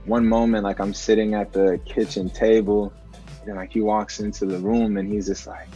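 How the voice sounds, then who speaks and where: A man's voice: lowish voice, moderate pace, faint music behind. A young man, a musician guest, talking reflectively in a casual interview over a video call, filler words throughout. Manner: relaxed, reflective, says "like" often. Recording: dull lo-fi call audio.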